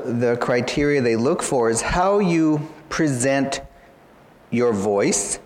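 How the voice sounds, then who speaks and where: A man's voice: medium pitch, a little mellow. Patient male tutor in a reverberant hall. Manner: patient, repeats points, many "you know" fillers. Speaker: English interview tutor. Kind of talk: explaining exam tips to students.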